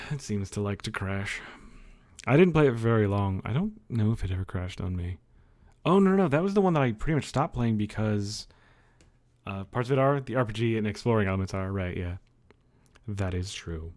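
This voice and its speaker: A man's voice: on the low side, a little mellow. A man livestreaming from his bedroom, chatting loosely with viewers, rambling, joking and swearing. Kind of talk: casual chat with viewers. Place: own dimly lit bedroom.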